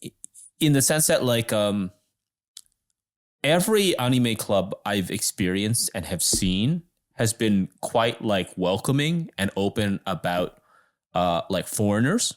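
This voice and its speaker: A man's voice: on the low side, expressive, unhurried. A young man in casual podcast chat, rambling and filler-heavy, with frequent "dude"s.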